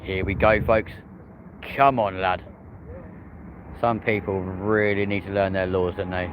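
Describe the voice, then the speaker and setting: Man, live stream host, rooftop plane-spotting commentary, chatty and upbeat, muffled outdoor recording, clear traffic noise. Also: low-pitched, level tone, a little slow, long pauses. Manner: chatty, banters with chat, cheers on landing planes. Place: hotel rooftop outdoors by an airport.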